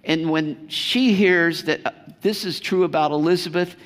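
A man's voice: fairly high pitch, normal speed, fairly bright tone, in a large hall. A man preaching a sermon as pastor, in a conversational way, often putting questions to his congregation.

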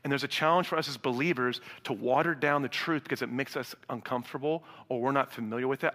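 A man preaching a sermon to a live congregation, animated, acting out dialogue and swinging from loud to hushed. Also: high voice. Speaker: pastor. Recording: reverberant hall sound.

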